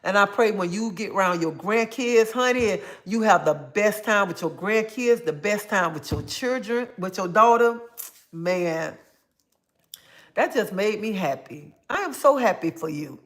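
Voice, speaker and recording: This livestream host, a middle-aged grandmother, chats casually with her viewers in a mid-range voice that's a little slow but lively in intonation. She speaks emphatically, repeats herself often, and keeps calling people "honey."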